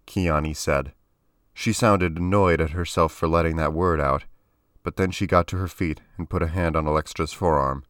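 Male narrator, very deep voice, dry close sound, measured audiobook storytelling. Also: fairly bright tone, clean tone, dry recording.

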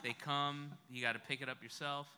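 A man's voice: medium pitch, level tone, brisk, bright, forceful tone. A man telling a dry, rambling story as a guest in casual podcast chat.

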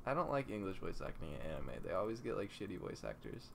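A man's voice: deep voice, very animated, fast talker, gravelly. Young male podcast co-host, loose rambling delivery with a swear now and then, faint hiss behind. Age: young adult. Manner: rambling, swearing, laughs often. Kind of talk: casual podcast chat. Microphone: remote call mic.

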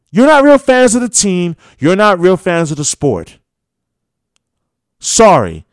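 A high-pitched man hosts a sports radio show, delivering a heated opinion monologue packed with scolding rhetorical questions. The sound is studio quality with no echo.

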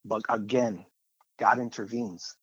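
A man sharing a personal testimony in a lively storytelling way, acting out the voices of the people he quotes. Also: on the low side, slow, breathy edge, no echo. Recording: dull, muffled sound.

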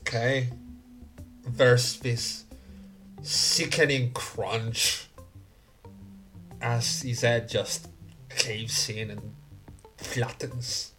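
A game master narrating a tabletop role-playing game in a relaxed way. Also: mid-range voice, very slow, pauses often, faint music behind.

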